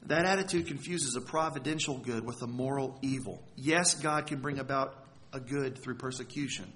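A man's voice: mid-range voice, moderate pace, fairly bright tone. A man preaching a sermon, earnest and emphatic, leaning hard on key words. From United States.

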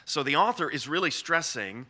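Bright-voiced man teaching scripture. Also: on the high side, expressive. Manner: measured, explanatory, with frequent restarts. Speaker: Bible teacher. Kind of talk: scripture lecture.

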